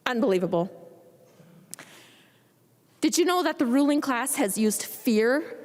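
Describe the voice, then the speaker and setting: A woman's voice: sits high, expressive, a little slow. A woman legislator with a Minnesotan accent speaking indignantly and emphatically in a floor debate in a large chamber. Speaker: state legislator. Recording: long reverb of a large chamber.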